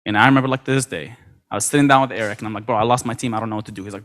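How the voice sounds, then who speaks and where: A man giving an energetic motivational talk at a convention, acting out quoted dialogue with lots of repetition. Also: on the low side, very fast. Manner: animated, acts out quoted dialogue, many repetitions. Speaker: motivational speaker. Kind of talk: energetic storytelling speech. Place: convention stage.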